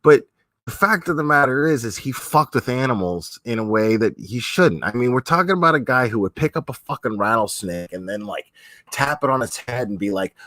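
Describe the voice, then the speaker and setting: A man's voice: mid-range voice, expressive, normal speed, fairly bright tone, dry recording. A man giving casual commentary as a streamer, rambling with many restarts and frequent swearing.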